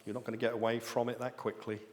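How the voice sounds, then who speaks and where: In a church hall with long reverb, a British man preaches a sermon, teaching step by step. His mid-range voice moves little in pitch and runs at a quick pace, rising on key words for emphasis.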